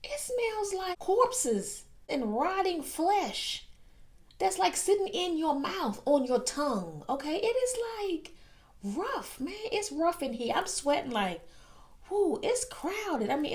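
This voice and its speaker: A woman with a high, bright voice tells a story on her vlog. Her pitch leaps all over the place. She exaggerates freely and laughs as she goes. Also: takes it slowly. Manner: expressive, exaggerating, laughing often. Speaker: vlog host telling a personal story. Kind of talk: animated storytelling.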